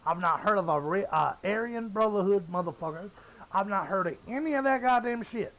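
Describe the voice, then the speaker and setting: While playing a game, a Southern US man in his fifties rants bluntly and swears constantly. His voice is high, expressive and a bit bright, and he talks fairly quickly. The audio quality is poor.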